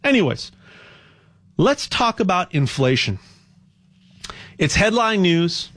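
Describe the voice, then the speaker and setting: A man hosting a show, talking in a rambling, impassioned monologue with a sales pitch and lots of stammered restarts. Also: big pitch swings, slow pace, a bit bright. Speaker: radio show host.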